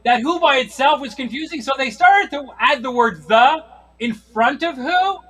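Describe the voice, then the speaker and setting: A man's voice: extremely high pitch, animated, moderate pace, fairly bright tone. A middle-aged man doing a stand-up routine, ranting in exasperation with frequent swearing. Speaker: stand-up comedian. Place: comedy stage.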